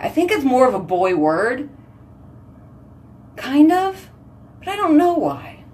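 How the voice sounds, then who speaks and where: A woman's voice: medium pitch, darkish tone, recorded from a distance. A woman hosting a casual live video chat, telling giggly stories and answering viewer comments. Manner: chatty, giggly storytelling. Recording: voice slightly off-mic.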